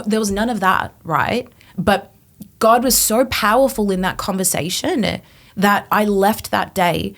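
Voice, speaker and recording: Casting: young woman guest, lively storyteller, personal testimony, mid-range voice. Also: mid-range voice. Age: 20s. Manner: animated storytelling, acting out her own past thoughts, frequent "like". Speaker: podcast guest.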